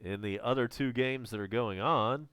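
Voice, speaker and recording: Southern American man doing casual live baseball calls, voice worn and close to giving out, dry close mic, clear tone. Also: mid-range voice, moderate pace, no room sound. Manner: casual, chatty calls with excited home run shouts. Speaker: fan play-by-play announcer. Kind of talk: live baseball play-by-play commentary.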